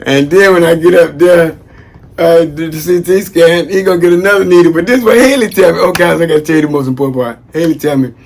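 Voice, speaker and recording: A man talking casually to his viewers in a lively, laughing vlog. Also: fairly high pitch, fast, vocal fry. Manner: animated, laughing, talks straight to viewers. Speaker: history vlogger giving shoutouts.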